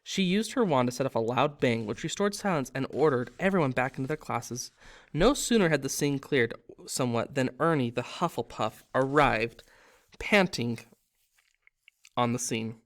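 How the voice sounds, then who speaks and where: A man's voice: medium pitch, normal speed. Man reading a story aloud. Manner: relaxed, with casual asides. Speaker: reader.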